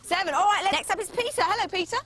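A woman's voice: extremely high pitch, lively intonation, fast, crowd noise. A woman co-presenting a live breakfast TV show, chirpy and teasing with phone-in callers. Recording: broadcast with music behind.

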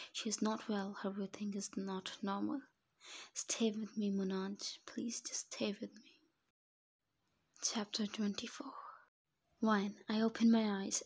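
A woman narrates a romance story, slipping often into a soft whisper. Her pitch stays flat and level, with a middle-height voice. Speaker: fan fiction reader. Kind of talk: reading a romance story aloud.

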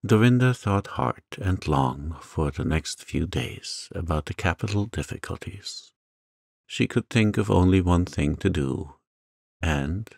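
A man reading a sleep story aloud in a soft-spoken, soothing way. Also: low-pitched, vocal fry, slightly rough, no room sound, studio quality. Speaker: narrator.

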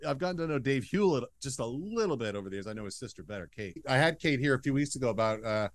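A man's voice: medium pitch, expressive, fast talker. A man hosting a podcast interview, enthusiastic and stammering, firing off quiz-style questions in casual chat. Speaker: podcast host.

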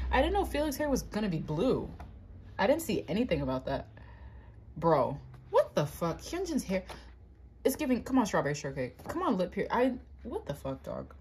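An excitable young woman chatting through an unboxing, swearing freely and swinging her pitch all over the place. Her speaking voice sits fairly low, with faint hiss and clicks behind it. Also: normal speed. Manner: excitable, swears a lot, gasps and squeals. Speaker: vlogger. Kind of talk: casual unboxing chat.

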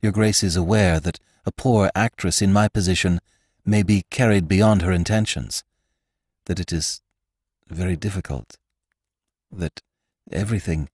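A humbled young actress, as a male narrator plays her, pleads hesitantly in a soft, lifted voice. The delivery is anxious and halting, and the recording is dry and close. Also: low voice, breathy edge, no room sound. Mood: anxious, pleading. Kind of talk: audiobook character voice.

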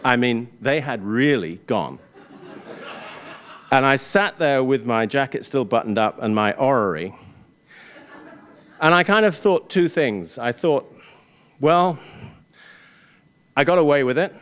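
An English man telling a wry, self-deprecating personal story on stage before a live audience, with halting restarts. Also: mid-range voice, animated, fairly bright tone, dull audio. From England.

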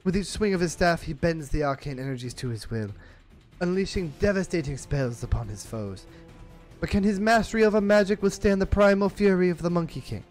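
A man's voice: expressive, fairly quick, a little mellow, soft background music. A man voicing a theatrical British fight announcer with a put-on Cockney accent, reading out a battle story in a grandiose way. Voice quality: booming, grandiose, pompous.

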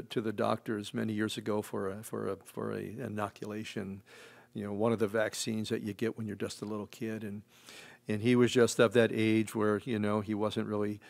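A man's voice: medium pitch, vocal fry. A man preaching a midweek Bible-study sermon as pastor, talking conversationally with frequent restarts and acting out the lines he quotes. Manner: conversational, halting, with many restarts and acted-out quotes. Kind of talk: expository sermon. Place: church sanctuary.

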